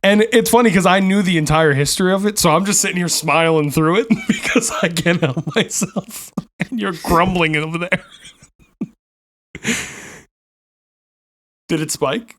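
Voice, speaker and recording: A man's voice: sits high, unhurried, pauses often, a bit bright. Laid-back man hosting a chatty podcast. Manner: laughs often, swears casually, rambling storytelling. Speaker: podcast host. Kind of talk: casual podcast chat. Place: New York.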